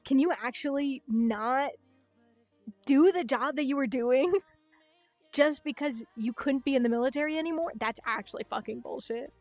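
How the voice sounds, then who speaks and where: A woman's voice: high-pitched, moderate pace, a little mellow, no echo, faint music behind. A young woman streaming casually, ranting animatedly, swearing a lot and acting out other people's voices. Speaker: VTuber streamer. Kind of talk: casual livestream chat.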